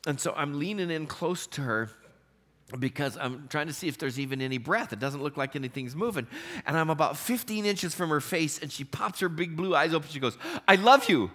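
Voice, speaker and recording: A man preaching to his congregation, weaving anecdotes and gentle humor into his sermon. His voice sits a little high for a man and rings bright and forward. He laughs often as he tells his stories. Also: brisk. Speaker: pastor. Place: church sanctuary.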